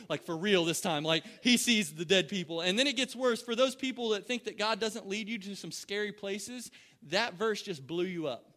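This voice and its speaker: A pastor preaching a sermon, joking and talking straight to the congregation. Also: male voice, sits high, moderate pace. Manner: animated, joking, talks to the congregation.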